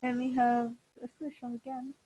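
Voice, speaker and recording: A woman's voice: high voice, monotone, moderate pace, warm tone, slightly rough, no echo, highs cut off. A woman teaching a language class online over a video call, patient and encouraging, with many fillers. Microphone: computer mic on a video call.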